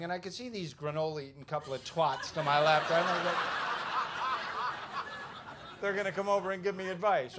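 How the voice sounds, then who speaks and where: Canadian man doing stand-up, noisy club. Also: a little high. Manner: swearing, animated storytelling with audience asides. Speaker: stand-up comedian. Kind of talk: stand-up comedy set. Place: comedy club stage with audience. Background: audience laughter and room noise.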